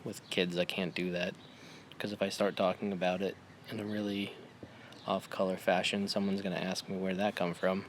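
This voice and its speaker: Male vlogger, 30s, low voice, tipsy rambling homebrew chat, faint room noise. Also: flat delivery, normal speed.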